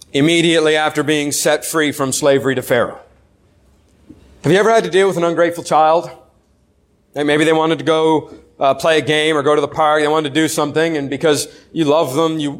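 A man preaching a sermon earnestly, asking the listeners questions and slowing down to stress key words. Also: a little high.

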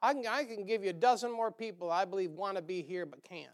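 Folksy nasal preacher with northern accent. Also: male voice, high voice, fast talker. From northern United States. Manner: folksy, rambling, jokey asides. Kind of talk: sermon. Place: church.

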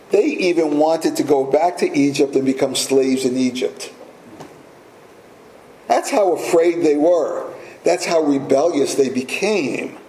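A man's voice: on the high side, warm tone. A man preaching a sermon as pastor, emphatic and fond of rhetorical questions. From United States. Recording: roomy echo, faint ambience.

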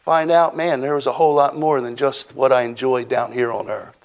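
A man's voice: mid-range voice, fairly even intonation, fairly quick. A man preaching a sermon in a folksy way, acting out quotes from his text. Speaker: pastor.

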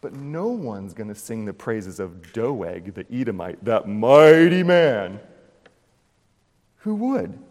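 A male pastor delivering a sermon with lively storytelling, jumping in and out of scenes and playing with puns. His mid-pitched voice carries through a large hall with a long reverb tail. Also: takes it slowly. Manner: animated storytelling, acting out scenes.

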